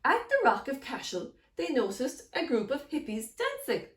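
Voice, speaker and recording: Brief: woman author reading aloud to kids, very expressive pitch. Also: moderate pace, roomy sound. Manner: animated, addresses children directly. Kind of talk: picture-book read-aloud for children.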